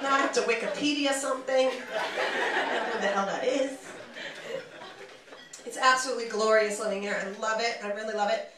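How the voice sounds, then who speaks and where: A woman with a New York accent performing a stand-up comedy set on a club stage, talking loud, brash and animated, swearing freely. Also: fairly high pitch, a little fast, long pauses. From New York, USA. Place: large comedy club stage, audience laughing. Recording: echoey room, from far off, noisy.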